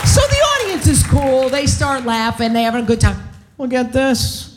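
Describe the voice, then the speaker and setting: A brash woman comedian working a stand-up set, foul-mouthed and quick to mock herself. Her voice sits somewhat high, with a faint hiss of noise under it. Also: animated, crowd noise. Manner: brash, profane and self-mocking.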